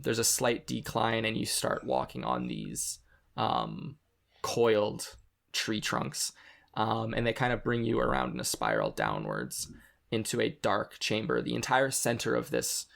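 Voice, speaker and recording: Gravelly game master narrating. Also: male voice, lowish voice, fairly bright tone. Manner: halting, full of ums and likes.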